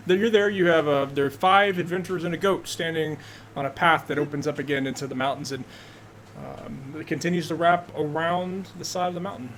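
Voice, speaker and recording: A man narrating as game master of an online tabletop game, halting and relaxed, with fillers. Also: fairly high pitch, slight background noise.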